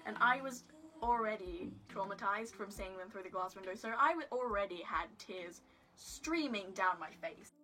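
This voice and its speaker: Bright-voiced giggly woman vlogger. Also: medium pitch, animated, moderate pace, slight background noise. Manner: giggly, rambling, self-deprecating, lots of "like". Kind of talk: casual storytelling vlog. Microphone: phone camera.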